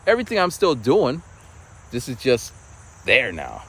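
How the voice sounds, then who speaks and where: A man's voice: mid-range voice, wildly swooping pitch, moderate pace, a bit bright, husky, poor audio. Man telling a story with a very swooping voice. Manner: storytelling, acts out quoted voices. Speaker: vlogger. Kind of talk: casual walking monologue. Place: outdoors, walking.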